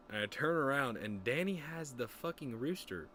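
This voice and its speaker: A man's voice: medium pitch, moderate pace, a little hiss or hum. Young man telling a rambling profane story. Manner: rambling, profane, animated quoting. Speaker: streamer. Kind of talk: casual storytelling chat.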